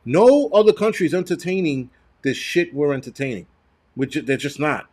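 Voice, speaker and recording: On the high side, animated and a little mellow, this man speaks at a moderate pace while hosting a live stream. He rants angrily and bluntly, cursing constantly and stumbling over restarts and repeated words.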